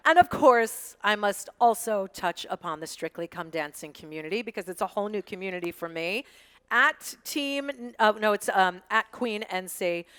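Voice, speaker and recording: A middle-aged woman reading tweets aloud to a live audience, with animated, joking, sassy asides. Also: medium pitch, normal speed, long reverb tail. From United States. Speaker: guest reading tweets on stage. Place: event space with audience.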